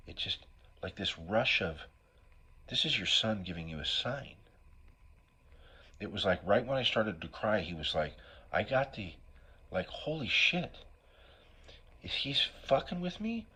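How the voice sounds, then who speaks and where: A middle-aged man with a deep voice tells a hard personal story as a recovery speaker. His tone is husky and slightly sniffly from allergies. He speaks raw and profane, and he keeps checking in with "right?". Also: a bit bright.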